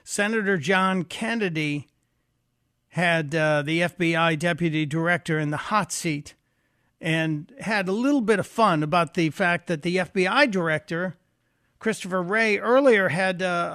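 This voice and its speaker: A man with a high, gravelly voice hosts a talk radio show, filling in for the regular host. His commentary is sarcastic and mocking. The studio sound is close and dry. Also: moderate pace, fairly bright tone, no room sound.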